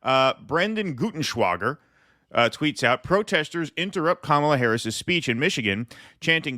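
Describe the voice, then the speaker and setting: A man's voice: fairly high pitch, animated, moderate pace, sharp tone, no echo, studio quality. A man in his thirties co-hosting a podcast, with sarcastic, mocking political commentary. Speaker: podcast co-host.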